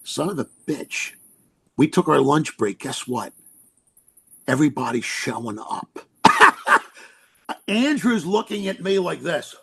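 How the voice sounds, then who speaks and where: Gravelly, husky man telling film stories. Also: a little high, takes it slowly, long pauses. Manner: animated storyteller acting out quotes, frequent laughs. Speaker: film director guest. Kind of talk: casual interview storytelling.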